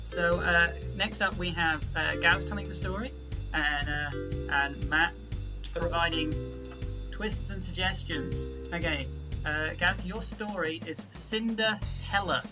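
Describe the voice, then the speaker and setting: A woman hosting a livestream, giving brisk announcements and countdowns, heard from a distance over loud music. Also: on the low side. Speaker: host and timekeeper.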